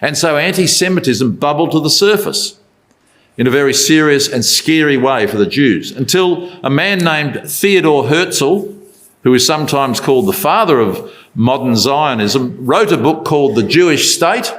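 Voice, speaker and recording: A man's voice: on the high side, expressive, normal speed, fairly bright tone. A man giving a Bible talk in a conversational way, asking rhetorical questions as he tells the story. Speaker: Bible speaker.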